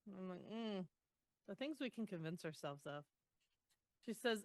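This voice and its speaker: A woman's voice: medium pitch, a little slow, no echo. Woman recapping a book, dry close sound. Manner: animated retelling, groans and laughs. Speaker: podcast co-host. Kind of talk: casual book recap chat.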